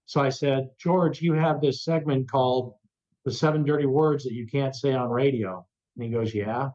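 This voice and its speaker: An older man, a radio host, telling lively anecdotes in an interview and acting out the voices of the people in them. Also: medium pitch, moderate pace, muffled recording. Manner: animated anecdote telling, acts out quoted voices. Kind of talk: storytelling in an interview.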